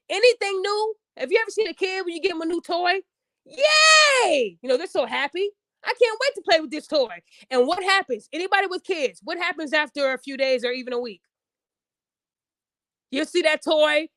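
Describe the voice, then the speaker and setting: In casual chat on the podcast she hosts, a woman speaks bluntly and acts out quotes by raising her voice. Her high-pitched voice comes through with no echo.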